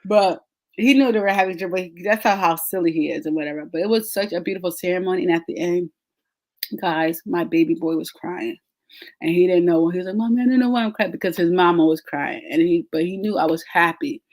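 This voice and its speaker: A woman in her thirties hosting a podcast, telling a story in animated casual chat and laughing often. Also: fairly low pitch, a little fast. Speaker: podcast host.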